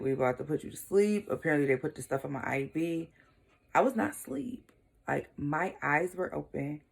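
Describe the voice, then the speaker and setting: Low, gravelly-voiced young woman vlogger. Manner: casual, shrugging asides like "blah, blah" and "whatever". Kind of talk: candid personal storytelling.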